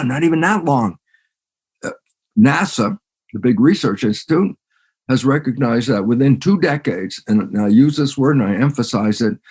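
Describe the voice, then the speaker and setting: A man, a biologist and podcast guest, talking in a lively storytelling way, acting out quoted lines and laughing between sentences. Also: mid-range voice, husky. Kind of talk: animated storytelling interview talk.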